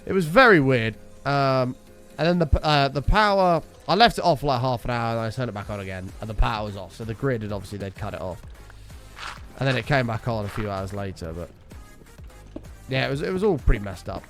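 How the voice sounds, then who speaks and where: A man's voice: medium pitch, animated, fairly quick, a bit bright, faint music behind. A young man streaming a game, casually telling a story, swearing freely and acting out his own quotes. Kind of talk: casual storytelling while gaming.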